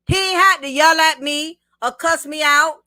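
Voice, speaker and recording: A woman's voice: high-pitched, normal speed, bright, forceful tone, dry recording, studio quality. A married woman hosting a livestream, reading viewer comments and giving blunt, preachy commentary straight to the camera. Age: adult, married. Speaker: livestream host.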